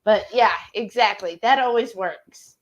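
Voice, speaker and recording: A woman's voice: mid-range voice, a little slow, muffled recording. A woman hosting a casual live-stream chat, reading out comments and telling stories with frequent laughter. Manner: giggly, chatty storyteller. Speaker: host.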